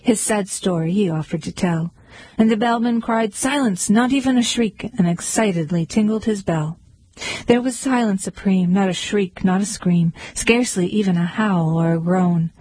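A woman reciting poems aloud in a rhythmic, measured way. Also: medium pitch, dark tone, husky, no echo, low-quality recording. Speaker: poetry reader. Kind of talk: recited poetry reading.

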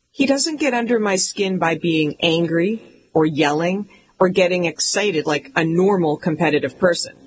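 A woman's voice: medium pitch, a little hiss or hum, poor audio. A woman reading a comic memoir aloud in an emphatic, mock-indignant way. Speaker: audiobook narrator. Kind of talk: scripted comic memoir narration.

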